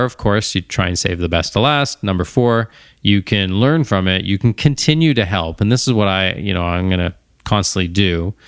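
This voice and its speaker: A man with a deep, gravelly voice hosts a podcast alone, talking casually and drifting into tangents. The audio is clean studio sound with no room echo.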